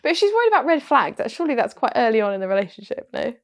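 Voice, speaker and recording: A woman's voice: a little high, big pitch swings, racing. A woman co-hosting a podcast in casual chat, laughing often as she talks. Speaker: podcast co-host.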